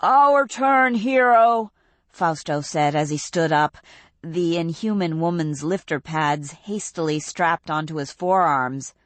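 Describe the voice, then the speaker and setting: A woman narrating an audiobook in a steady, measured reading on a close studio mic. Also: deep voice, dry recording. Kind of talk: scripted narration.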